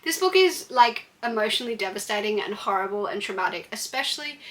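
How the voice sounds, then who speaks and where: A woman's voice: mid-range voice, animated, fast, a bit bright. A woman giving a blunt, chatty book review with frequent fillers and restarts. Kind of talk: casual book review vlog.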